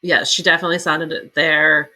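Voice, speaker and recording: A woman's voice: deep voice, little pitch movement, brisk, sharp tone. A woman co-hosting a podcast, blunt and laughing often, swearing freely in a casual book review. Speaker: podcast co-host.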